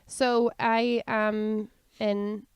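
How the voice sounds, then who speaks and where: Young Northern Irish woman, brisk comedy podcast co-host, slightly high voice, dry close sound. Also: flat delivery, smooth, no room sound, highs cut off. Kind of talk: casual podcast chat.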